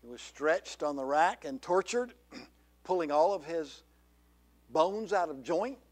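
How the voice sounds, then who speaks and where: A man's voice: a little high, animated, takes it slowly, a little mellow. A man preaching a sermon as pastor, earnest and full of rhetorical questions to the congregation. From Georgia, USA. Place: church sanctuary.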